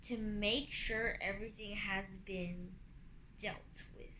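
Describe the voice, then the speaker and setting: A woman voicing a deep, slow, commanding male dragon envoy who speaks in a rumbling, measured way. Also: fairly even intonation, sharp tone. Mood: haughty. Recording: echoey room, faint hum.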